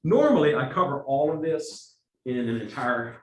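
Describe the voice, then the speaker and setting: Texas-accented man teaching, animated delivery. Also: mid-range voice, normal speed. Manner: conversational, with lively asides and acted-out quotes. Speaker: evangelism trainer. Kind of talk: workshop teaching. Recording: echoey room, from far off.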